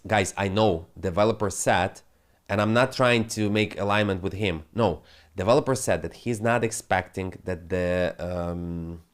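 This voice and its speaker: Profane, ranting male crypto host. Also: on the low side. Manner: profane, animated, non-native phrasing. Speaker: crypto trading channel host. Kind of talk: ranting market commentary.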